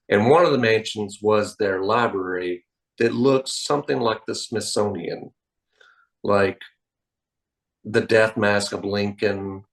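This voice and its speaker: Man telling stories in a low voice. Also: poor audio. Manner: animated anecdotal storyteller. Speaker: magician guest. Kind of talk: interview storytelling.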